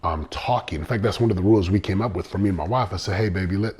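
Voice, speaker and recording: A man's voice: low-pitched, racing, a little mellow, husky. A middle-aged man hosting a motivational podcast, talking earnestly and repeating phrases for emphasis. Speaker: podcast host.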